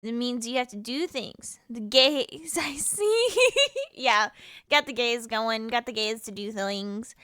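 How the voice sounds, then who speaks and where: A young woman from the United States chats with her viewers during a game stream, chaotic and teasing, breaking into laughter often. Her voice sits high and rings bright and sharp. The sound is dry and close, with no room around it. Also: lively intonation, slow pace, no room sound. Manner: chaotic, playful, laughs often, teases chat. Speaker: VTuber streamer. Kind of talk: casual live-stream chat with viewers.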